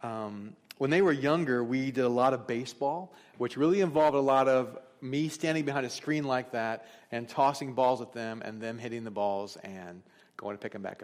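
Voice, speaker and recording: A middle-aged man preaching a sermon as pastor, telling stories in a conversational, candid way. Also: mid-range voice. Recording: long reverb of a large hall.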